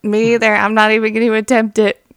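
A woman's voice: fairly high pitch, monotone, quick pace, clear, resonant tone, no echo. A woman co-hosting a podcast, chatting casually, giggling often and swearing now and then. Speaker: podcast co-host. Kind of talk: casual chat.

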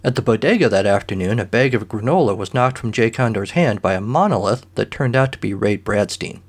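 A man's voice: fairly low pitch, expressive, fairly quick, slightly rough. A man narrating a comic short story in a dry, matter-of-fact way.

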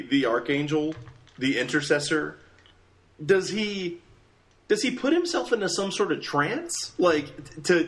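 A man chatting casually on a podcast, halting and repeating words as he searches for what to say. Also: fairly high pitch. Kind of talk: casual chat.

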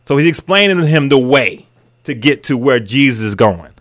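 A male radio host teaching the Bible in an excitable, casual preaching style, breaking into hallelujahs and everyday slang. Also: mid-range voice, moderate pace. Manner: excitable, exclaims hallelujah, talks back to the text; casual and colloquial, drops into vernacular.

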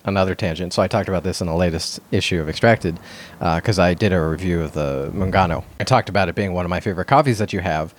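A man's voice: low voice, quick pace. A man hosting a podcast, talking in an easygoing, rambling way with many fillers at a studio microphone. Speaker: podcast host. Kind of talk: casual chat.

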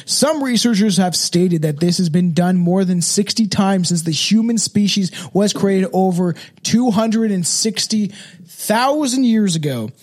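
A man with a fairly high voice hosts a podcast. He rambles in casual chat, reads from notes and stumbles through fillers and restarts. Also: unhurried, a little mellow. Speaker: podcast host.

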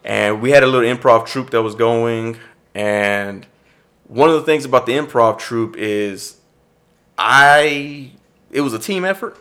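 Animated male comedian telling stories. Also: mid-range voice, measured pace. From East Austin, Texas. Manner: animated storyteller who acts out past conversations. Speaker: stand-up comedian and actor, guest. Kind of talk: casual interview storytelling.

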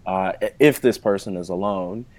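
A man with a fairly low voice chats as a guest in a relaxed interview. He explains things at length and leans on conversational fillers as he goes. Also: normal speed. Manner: chatty, explains at length with many "you know" fillers.

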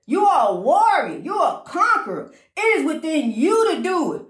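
Woman, high voice, informal emphatic preacher, repeats lines, says honey a lot, echoey room. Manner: repetitive, emphatic, calls the listener honey; talks fast when excited. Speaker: inspirational speaker.

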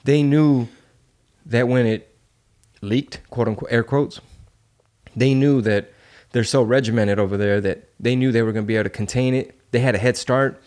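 A man's voice: mid-range voice, fairly even intonation, normal speed, pauses often, darkish tone. A man hosting a podcast, talking bluntly and heatedly with lots of swearing and rhetorical questions. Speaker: podcast host. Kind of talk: casual opinionated chat.

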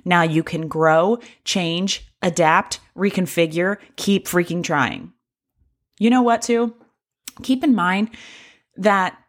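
Encouraging woman podcast host, low voice. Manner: upbeat, encouraging, speaks directly to the listener. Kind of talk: motivational podcast monologue.

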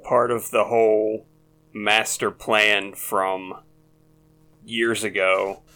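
A man's voice: on the low side, little pitch movement, extremely slow, sharp tone. A man co-hosting a podcast, speaking hesitantly in casual chat. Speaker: podcast co-host.

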